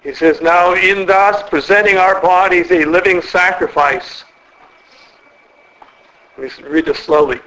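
A man preaching an earnest sermon in a church, slowing and dropping his voice to stress key words. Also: high-pitched, sharp tone, rough recording. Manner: earnest, slows and drops for emphasis.

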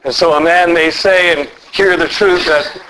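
A man preaching a sermon earnestly, often slowing down and climbing to emphatic peaks. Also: slight background noise, rough recording. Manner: lively pitch, slows down for emphasis.

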